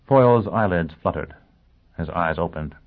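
A man reading an audiobook in a measured, dramatic style. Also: low-pitched, animated. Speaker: narrator. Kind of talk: audiobook narration. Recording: tinny phone-like band.

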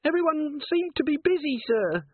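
A woman's voice: high-pitched, sing-song, moderate pace, no room sound, voice pushed up. A man voicing a nervous young female dwarf corporal who talks meekly and apologetically. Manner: meek, apologetic, polite. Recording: tinny phone-like, dry.

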